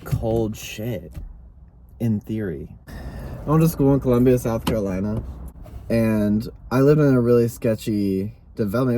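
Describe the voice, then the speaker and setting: A man's voice: lowish voice, warm tone, a little hiss or hum. A young man vlogging while hiking outdoors, chatting casually in a rambling, joking, candid way into a phone camera.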